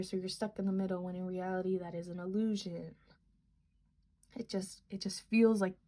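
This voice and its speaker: A woman's voice: medium pitch, a little mellow. A young woman giving a casual tarot reading, earnest and rambling with many fillers. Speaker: tarot reader.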